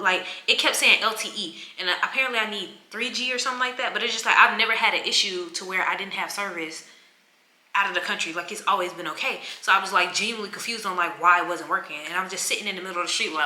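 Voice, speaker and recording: A young woman tells an animated, casual vlog story and acts out the people she quotes. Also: mid-range voice, quick pace, echoey room. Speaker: travel vlogger.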